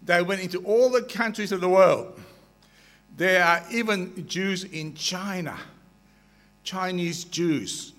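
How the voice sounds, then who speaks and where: A man telling jokes to a crowd at a slow, drawn-out pace, laughing at his own punchlines. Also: high-pitched, a bit bright, in a large hall, faint music behind. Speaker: joke teller. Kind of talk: stand-up joke telling to a crowd.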